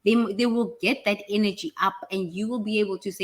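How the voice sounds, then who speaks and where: A woman's voice: medium pitch, fairly even intonation, a little fast, hardly any pauses, slight background noise. A woman giving a blunt, emphatic motivational monologue, swearing freely and repeating phrases for effect. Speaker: self-help vlogger.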